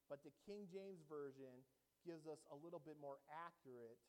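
High-voiced man preaching in a reverberant hall. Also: normal speed. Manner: animated preaching, acts out mocking voices, jokes with congregation. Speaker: pastor. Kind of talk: sermon. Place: church sanctuary.

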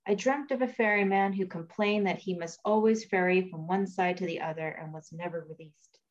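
A woman's voice: fairly low pitch, moderate pace, lightly acted. A woman voicing the devil's shrewd old grandmother in a read-aloud fairy tale, scolding and coaxing. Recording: dull lo-fi recording.

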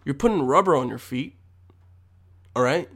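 A man's voice: mid-range voice, animated, moderate pace, fairly bright tone. A young man ranting to camera with constant swearing, rambling and mock exasperation. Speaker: vlogger. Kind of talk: profane comedic rant.

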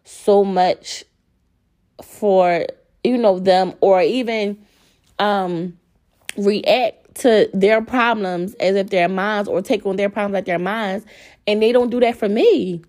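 A young woman talks straight to her listeners in a casual podcast monologue. She is blunt and profane and keeps calling out to "y'all" as she gets heated. Her pitch sits in an ordinary middle range for a woman. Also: slow pace, a little mellow. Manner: candid, profane, worked up, addresses listeners as y'all. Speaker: podcast host.

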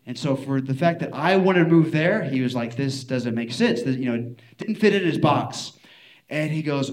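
An American man delivers a sermon built around a personal story. His voice sits a little above the usual male pitch. He slips into the people he quotes as he tells it. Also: moderate pace. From United States. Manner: animated storytelling, acting out quoted dialogue. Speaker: missionary preacher.

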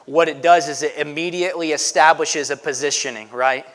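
A man preaching a sermon in a conversational way, often asking "right?" and swelling louder to stress a point. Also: fairly high pitch, brisk. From United States. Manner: conversational preaching, frequent "right?" asides, swells loud for emphasis. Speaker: pastor.

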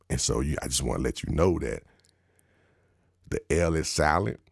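Very deep, gravelly man ranting wryly. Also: normal speed, dry recording, clean studio sound. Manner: wry, drawling, mock-instructive, pitch jumps high for emphasis. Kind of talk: comedic rant monologue.

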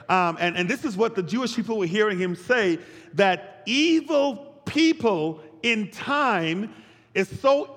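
A man with a notably high voice preaches to his church, repeating phrases in rhythmic runs and calling on the congregation to answer back. He moves from low, quiet teaching to shouted peaks. The sound rings with a long reverb from a large hall. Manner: rhythmic repetition, call-and-response, rising to shouts. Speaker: pastor. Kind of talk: sermon. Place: church service.

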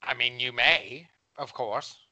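A man's voice: mid-range voice, slow pace, sharp tone, full character voice, low-quality recording. A man playing an agreeable male fruit business tycoon in an improv comedy sketch, talking in a formal, mock-polite way.

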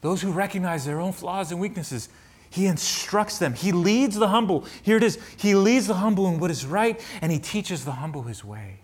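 A man preaching a sermon, reading scripture aloud and moving between hushed reflection and fervent emphasis. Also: high voice, lively intonation, moderate pace. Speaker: pastor.

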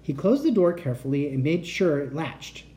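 A storyteller reading a children's chapter book aloud at bedtime. The voice is mellow and warm in tone, and its pitch moves a lot with the story. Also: moderate pace. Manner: animated, expressive reading.

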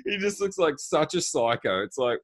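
A man's voice: fairly high pitch, normal speed, a little hiss or hum. Amused man chatting about a movie. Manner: laughs often, relaxed and amused. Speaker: podcast co-host. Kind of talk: casual movie discussion.

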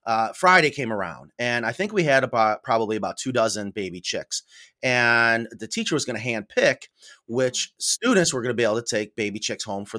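Animated middle-aged man telling stories. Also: medium pitch. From New York State. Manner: animated storyteller, acts out quoted voices. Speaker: podcast guest, coop builder. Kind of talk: casual storytelling interview.

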